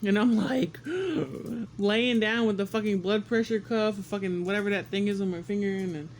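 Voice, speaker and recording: A man vlogging a casual story about being sick, animated and swearing often, acting out what people said. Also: sits high, normal speed, slight background noise. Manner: animated, swears often, acts out quotes with squeals. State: congested and sick.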